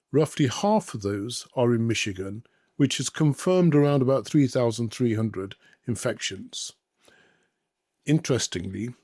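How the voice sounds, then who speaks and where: A man's voice: mid-range voice, no echo. Sarcastic male host, dry close sound. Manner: sarcastic, deadpan delivery with hesitations. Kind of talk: satirical commentary.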